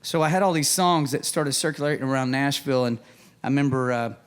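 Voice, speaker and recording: A man, a songwriter guest telling an animated story and acting out the dialogue on a music show. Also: mid-range voice, fast talker, smooth. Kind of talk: storytelling chat. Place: stage of a live music show.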